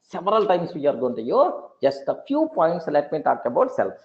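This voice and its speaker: A man's voice: on the high side, sing-song, brisk. A man teaching a programming class. He repeats key points and often stops to check whether the students understand. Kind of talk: classroom lecture. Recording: dull lo-fi recording.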